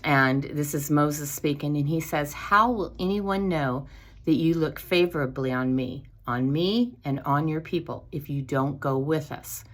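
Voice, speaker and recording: A woman's voice: deep voice, measured pace. A woman from the East Coast hosting a casual devotional chat, rambling a little with restarts and light laughs. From East Coast of the United States. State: feeling unwell lately. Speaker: host.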